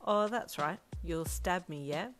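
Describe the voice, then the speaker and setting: A woman reading a fanfiction audio story, voicing a cocky winged male hero in a soft, low, sarcastic drawl. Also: a little slow, soft background music, close to an everyday voice. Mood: teasing.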